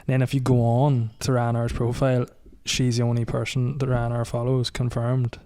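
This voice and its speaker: A man hosts a podcast in loose, casual chat. He reacts in short bursts and swears now and then, and his voice sits in a middle pitch range. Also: completely flat delivery, moderate pace, warm tone, smooth.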